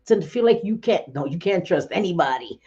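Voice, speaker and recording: A woman's voice: lowish voice, lively intonation, normal speed, warm tone, breathy edge. A middle-aged woman hosting a casual livestream from home, chatty and laughing often as she talks to viewers by name. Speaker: livestream host. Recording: dull lo-fi stream audio.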